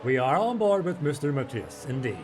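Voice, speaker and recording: A man's voice: a little high, very animated, brisk, soft background music. A man casting a live sim race, joking around and slipping into playful put-on accents. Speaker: sim racing caster. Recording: clear background noise.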